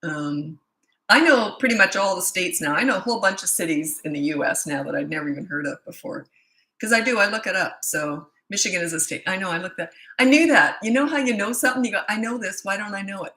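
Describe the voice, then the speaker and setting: A woman's voice: lowish voice, animated, fast, pushed and bright, rough recording. A middle-aged woman who works as a parenting coach chats casually on a livestream, greeting viewers by name and place with jokey asides.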